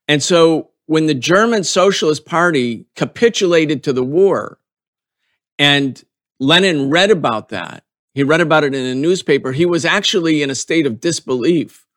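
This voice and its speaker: A man in a podcast setting lays out political history in an earnest, steady way. He drives his points home by repeating phrases, and his voice sits a little above the usual male range. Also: fairly high pitch, normal speed. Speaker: podcast host.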